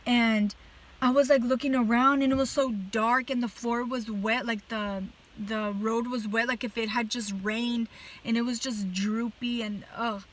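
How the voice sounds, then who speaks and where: A woman telling a dream story straight to camera. Her voice sits a little high, and she talks in an earnest, animated way. She keeps filling her sentences with "like" as she tries to get the details across. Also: measured pace, rough recording. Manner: chatty, heavy use of "like" fillers. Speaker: person giving a religious testimony.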